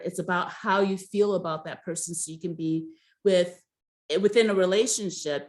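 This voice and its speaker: A young woman casually recapping a reality show episode, chatty and hesitant, with frequent ums and restarts. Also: on the low side. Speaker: recap host.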